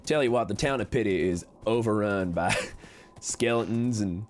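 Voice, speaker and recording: A man streaming a game in character as a chatty cowboy con man, reading chat with folksy talk and sudden high excited jumps. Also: moderate pace, a little hiss or hum.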